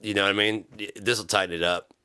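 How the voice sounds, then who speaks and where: A man doing a comedic ranting gear review. He swears a lot and swings from low muttering to loud shouting. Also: steady tone, fast talker, very noisy.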